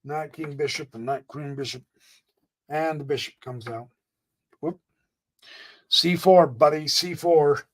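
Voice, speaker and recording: A man hosting a live chess stream, chatty and excitable, calling out moves as he plays them and thinking aloud, a bit sneezy today. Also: a little high, measured pace, pauses often. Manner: chatty, excitable, exclamations and laughs. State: sneezy, stuffed up. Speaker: chess livestream host.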